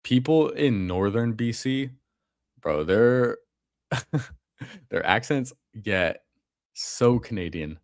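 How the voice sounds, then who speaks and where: A man with a low voice talks through his fantasy football draft in a loose, slangy way, tossing in bro and man. He sounds relaxed and conversational. His voice is close and dry, with no room sound. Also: takes it slowly, long pauses, no echo. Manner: casual, slangy, calls people bro and man. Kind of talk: casual live commentary.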